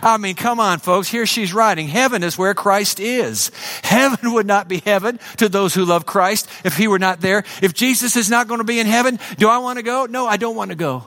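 Guy preaching in church, kinda high voice, gets loud then goes soft and quiet. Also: brisk. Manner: emphatic preacher, swings from loud to hushed. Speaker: pastor. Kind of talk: sermon.

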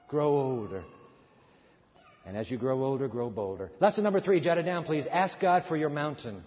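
Guy preaching in a big church, voice swings loud to soft, kinda dull recording with long echo. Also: fairly high pitch, a little fast. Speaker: pastor. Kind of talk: sermon. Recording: dull sound in a hall with long reverb.

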